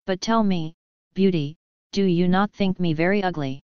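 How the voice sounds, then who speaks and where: A woman voicing a gentle, sorrowful male beast in a storybook reading, with a gruff, awkwardly polite manner. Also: lowish voice, moderate pace, dry recording, dull audio, natural voice. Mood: humble.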